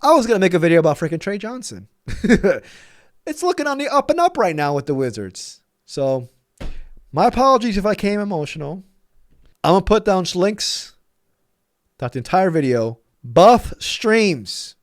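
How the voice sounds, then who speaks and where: Man ranting, high and lively. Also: no room sound, clean studio sound. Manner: exasperated, profane, emphatic ranting. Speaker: sports channel host. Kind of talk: ranting sports commentary vlog.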